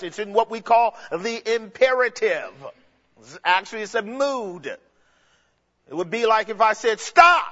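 A man's voice: sits high, pushed and bright. A man preaching an expository sermon, explaining the text emphatically and addressing the congregation directly. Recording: dull lo-fi recording with long hall reverb.

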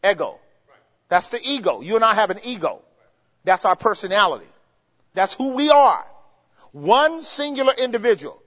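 Male preacher with a very high voice, leads the crowd with call-and-answer questions, recorded dull and lo-fi in a hall with long echo. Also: sing-song, normal speed, long pauses, fairly bright tone. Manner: asks the congregation questions and has them answer; explains grammar step by step, with emphatic rises. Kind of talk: sermon teaching.

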